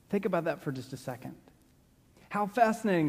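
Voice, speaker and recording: A man preaching a sermon as pastor, earnest, slowing down and dropping to a hush to stress a point. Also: high-pitched, expressive, husky. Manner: earnest, slows down and drops to a hush for emphasis. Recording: long reverb of a large hall.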